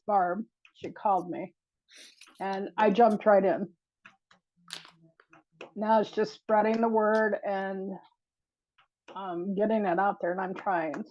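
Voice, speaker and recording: A woman's voice: mid-range voice, no room sound, muffled recording. A woman giving an earnest, emotional testimonial on a video call. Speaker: new member giving a testimonial.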